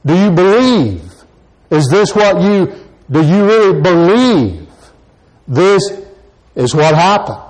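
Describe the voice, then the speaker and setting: A man's voice: high-pitched, big pitch swings, takes it slowly, long pauses, a little mellow, low-quality recording. A pastor preaching a sermon to his congregation, pressing the same questions again and again. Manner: repeats rhetorical questions to the congregation.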